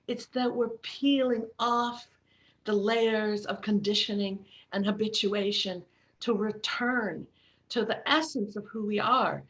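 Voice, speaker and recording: A middle-aged woman voice coach who talks casually and expressively, demonstrating sounds and encouraging the listeners. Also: medium pitch. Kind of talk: casual chat with vocal demos.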